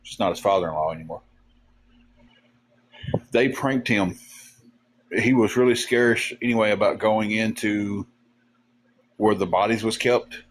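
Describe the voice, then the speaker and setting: Low-voiced man rambling. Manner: rambling, halting, many fillers. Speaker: livestream host. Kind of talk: casual storytelling chat.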